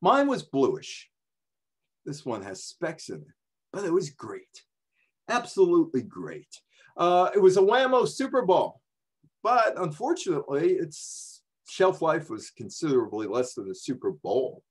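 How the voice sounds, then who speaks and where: A man's voice: a little high, wildly swooping pitch, unhurried, slightly rough. A man in his seventies from the New York area, a journalist telling sports history in a chatty, digressive way. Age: 70s. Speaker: sports journalist giving a talk. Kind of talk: casual storytelling talk.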